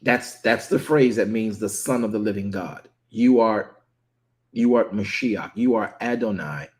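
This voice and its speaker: A man's voice: lowish voice, measured pace, a little mellow. A man preaching a conversational sermon, often repeating words and checking in with "right?".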